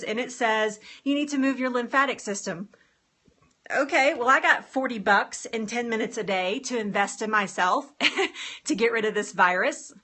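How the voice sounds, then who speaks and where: A woman's voice: a little high, sharp tone. A woman health coach chatting casually on a live stream, upbeat and talking straight to her viewers about getting started with exercise.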